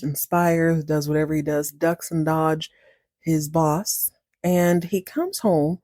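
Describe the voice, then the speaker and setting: A woman host recaps a soap episode in an animated, indignant, conversational way. Her voice is fairly low and mellow. The recording is close and dry. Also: no room sound. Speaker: podcast host.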